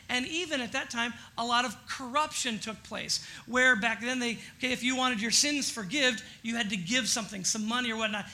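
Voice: mid-range voice, sharp tone. A pastor giving a conversational sermon in a church, questioning the congregation as they go. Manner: chatty, polls the congregation with questions. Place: church sanctuary before a congregation.

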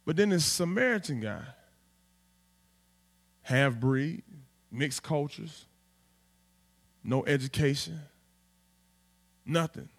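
A man preaching a sermon at a church in street vernacular, swinging from loud outbursts to hushed asides. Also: on the high side, animated, takes it slowly, vocal fry, long pauses. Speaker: pastor.

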